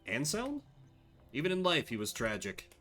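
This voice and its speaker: A man's voice: a little high, wildly swooping pitch, moderate pace, sharp tone, soft background music. A man streaming a game, making wry, dry asides as he reads the game text aloud in casual commentary.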